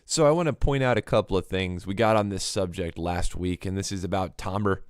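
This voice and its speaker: A man's voice: deep voice, brisk, smooth, no room sound, clean studio sound. A man hosting a casual livestream music lesson, explaining patiently and mimicking hi-hat rhythms with clipped mouth sounds. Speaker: livestream host.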